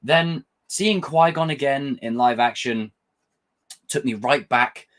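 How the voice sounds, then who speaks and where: A man's voice: medium pitch, takes it slowly. A young man reviewing a show in a casual vlog, rambling and passionate with frequent swearing. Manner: animated, rambling, passionate and profane. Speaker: film and TV reviewer.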